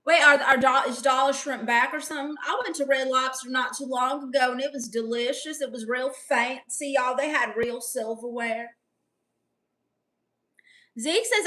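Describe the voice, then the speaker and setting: A woman's voice: high voice, fairly even intonation, normal speed, pushed and bright. A woman doing a comedic livestream in character, brash and playfully boastful as she reads out chat messages.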